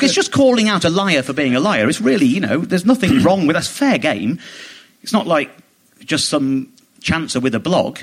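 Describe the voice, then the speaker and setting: A man's voice: on the high side, moderate pace, husky. Indignant man telling a story. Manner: animated, indignant, quotes others in mock voices. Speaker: comedian guest. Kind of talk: casual chat, storytelling.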